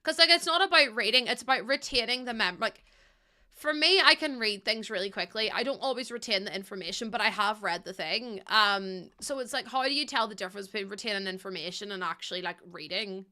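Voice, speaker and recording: A woman's voice: medium pitch, a little fast, pushed and bright. A young woman streaming a game, chatting casually and giggling through rambling stories. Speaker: live streamer. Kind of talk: casual chat while gaming.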